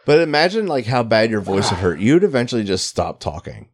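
Lively laughing man on a podcast. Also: fairly low pitch, a little fast, husky. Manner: laughs often, breaks into loud shouted impressions. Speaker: podcast co-host. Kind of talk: casual podcast banter. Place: room with an open window. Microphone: studio microphone.

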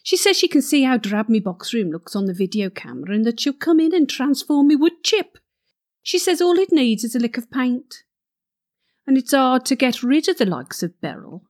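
A woman's voice: sits high, animated, moderate pace. A woman playing a flirty gossip. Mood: chatty. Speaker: comic monologue character. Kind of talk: comic character monologue.

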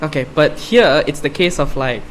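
A man's voice: fairly high pitch, lively intonation, a little hiss or hum. A man co-hosting a casual film review podcast, joking and swearing between laughs. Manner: laughing, profane, quick banter. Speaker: podcast co-host.

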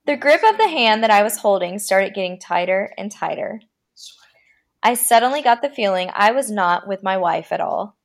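Expressive and mid-range in pitch, a female podcast host dramatically reads a horror story, decelerating when the text gets creepy.

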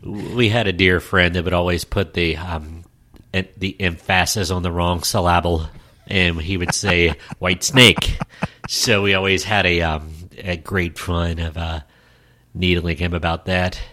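A middle-aged man with a very low, deep voice chats playfully on a podcast. He rambles with plenty of fillers and jokes as he goes. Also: fairly even intonation, unhurried, sharp tone. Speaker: podcast co-host. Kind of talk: casual chat.

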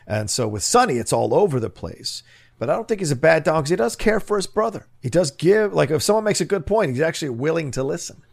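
A man co-hosting a casual film podcast, talking in long, animated, rambling stretches and laughing often. His voice has some gravel and swings lively in pitch. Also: fast talker. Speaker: podcast co-host. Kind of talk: casual chat about a film.

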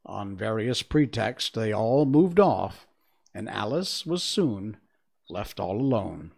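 A man hosting a casual livestream, reading a storybook aloud and then chatting with viewers. His voice swings widely in pitch, and he laughs easily between remarks. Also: expressive, measured pace, vocal fry, a little mellow. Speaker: livestream host and reader.

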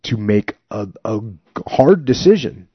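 A man's voice: mid-range voice, a little slow, breathy edge, no echo. A male podcast host reading from a book and then commenting on it emphatically, in a slightly muffled dry recording. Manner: emphatic, animated when commenting.

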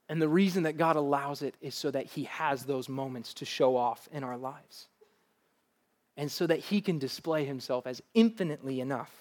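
A man's voice: on the high side, a little mellow. A male pastor preaching a sermon to a live congregation in a church, earnest and conversational, with light laughs.

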